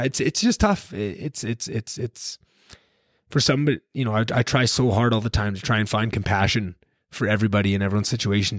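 Young male podcast host; fast, rambling, self-deprecating delivery; low voice; dry close recording. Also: dry recording. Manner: rambling, self-deprecating, many fillers and restarts. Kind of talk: casual podcast chat.

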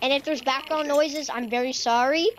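A young woman talks through her game in a loose, rambling way, stumbling over words and filling gaps with fillers. Her voice sits high. A faint noise hums under the desk-mic recording. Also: fairly even intonation, normal speed, rough recording. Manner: rambling, stammers, many fillers. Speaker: gaming YouTuber. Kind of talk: casual let's-play commentary. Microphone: desk microphone.

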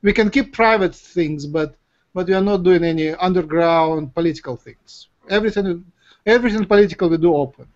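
A man's voice: high-pitched, fairly quick, a little mellow. A man from the former Soviet Union, hosting a webinar and explaining earnestly. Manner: earnest, repeats phrases, speeds up when explaining. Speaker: host. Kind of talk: casual webinar talk. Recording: dull lo-fi webinar audio.

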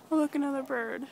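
A teenage girl chatting casually in a rambling, giggly daily vlog, talking softly while walking outdoors in a quiet neighborhood. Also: high voice, gravelly, a little hiss or hum. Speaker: vlogger.

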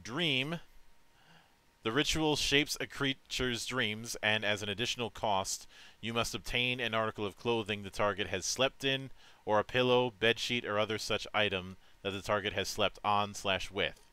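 A man reading tabletop game rules aloud on a stream, halting and restarting as he goes. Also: lowish voice, sharp tone, smooth, dry recording. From United States. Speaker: vtuber game master.

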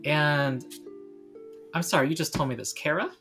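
A woman's voice: low voice, moderate pace, music in the background. A woman narrating as game master of a tabletop game, hesitant with many fillers.

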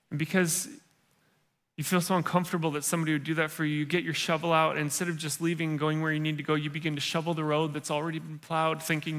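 A pastor with a high, bright and ringing voice preaches a church sermon. His delivery is conversational and playful. He keeps slipping into the voices of his listeners to act out what they are thinking. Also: little pitch movement, fast. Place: church service.

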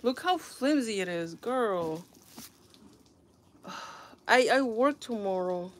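A woman's voice: fairly high pitch, lively intonation, slow. A woman vlogging at home with a phone camera, reviewing a handbag in a rambling, exasperated way with frequent sighs. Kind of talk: casual product review vlog.

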